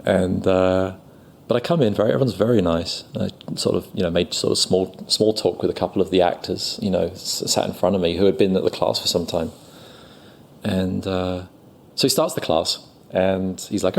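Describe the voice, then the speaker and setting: A man's voice: sits low, fairly even intonation, moderate pace, creaky. A middle-aged man with a London accent, a guest actor chatting in an interview, self-deprecating and full of fillers. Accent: London English. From England. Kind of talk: casual interview storytelling.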